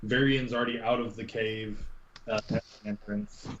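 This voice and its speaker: A man narrating a tabletop game as game master, halting, with many ums and restarts. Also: medium pitch, fairly even intonation, vocal fry, echoey room, dull audio, noisy background.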